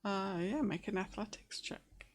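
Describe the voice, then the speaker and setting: A woman's voice: medium pitch, a little slow. A woman running a tabletop game as game master, describing scenes hesitantly with many fillers and restarts.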